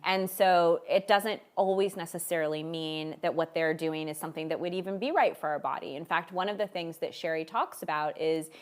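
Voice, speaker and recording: A woman's voice: lowish voice, fairly quick, few pauses. Chatty woman hosting a talk show. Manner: chatty, laughs often, many restarts and fillers. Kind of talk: casual chat.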